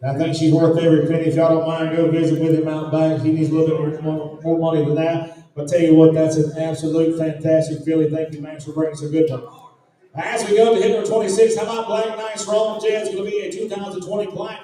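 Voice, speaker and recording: High-voiced male horse sale announcer. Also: level tone, fast, mellow. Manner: folksy salesman pitch. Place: large indoor sale arena. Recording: echoey arena from far off.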